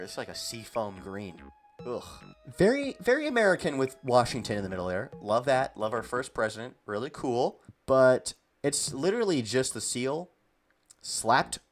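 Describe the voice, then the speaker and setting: A young man delivering a mock-outraged comedic rant, exasperated and repeating himself for effect. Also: medium pitch. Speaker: comedy video host.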